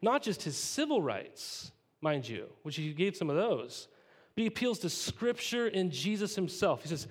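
A male pastor teaching a sermon in a casual, animated way, tossing rhetorical questions to the congregation and adding playful asides. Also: high voice, normal speed. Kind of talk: conversational sermon.

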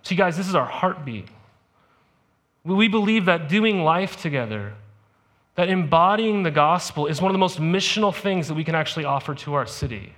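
A man's voice: a little high, animated, normal speed, fairly bright tone. A male pastor preaching a sermon in a conversational way, often checking in with "right?". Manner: conversational, peppered with "right?" asides. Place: church service.

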